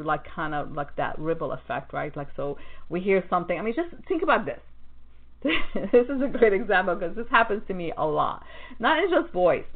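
A woman hosting a podcast, talking in a rambling, animated monologue full of fillers and restarts. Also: fairly low pitch. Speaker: podcast host. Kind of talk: casual monologue about customer service. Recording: tinny phone-like sound.

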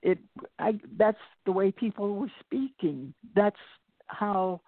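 An older woman talks as an interview guest, her voice gravelly and textured. She tells stories reflectively, drifting off on side paths and restarting before circling back. It comes through a tinny, phone-like line with a dry, close sound. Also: mid-range voice, slow pace, dry recording. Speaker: interview guest, singer and lecturer. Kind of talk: reflective conversational storytelling.

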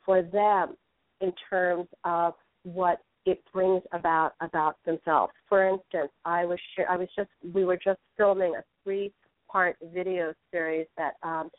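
A woman's voice: fairly low pitch, fairly even intonation, unhurried, no echo. Earnest woman storyteller on a phone-like line. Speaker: spiritual teacher, guest. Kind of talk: casual radio interview talk. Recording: phone-like narrow dry sound.

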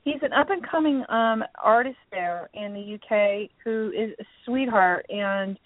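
A woman's voice: mid-range voice, measured pace, dry recording. A woman hosting a radio show, chatting casually and running through upcoming guests with plenty of ums. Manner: chatty, lists upcoming guests with many fillers. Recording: narrow phone-like line, dry.

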